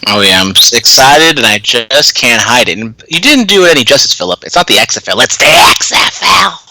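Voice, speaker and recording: A man's voice: medium pitch, sing-song, brisk, bright, forceful tone, a little hiss or hum, poor audio. A man co-hosting a casual wrestling podcast, giving opinions in a dry, wry way. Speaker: podcast co-host.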